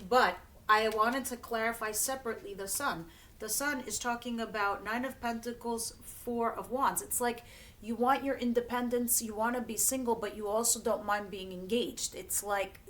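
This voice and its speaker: A woman's voice: on the high side, fairly bright tone, a little hiss or hum. A woman giving a casual tarot reading, talking bluntly and straight to the viewer and swearing freely. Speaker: tarot reader.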